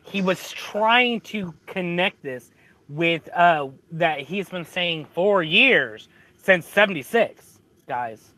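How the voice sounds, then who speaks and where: A man's voice: sits high, expressive, takes it slowly, bright, forceful tone. Rambling man in casual chat. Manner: rambling, many fillers and restarts. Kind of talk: casual chat, retelling a movie.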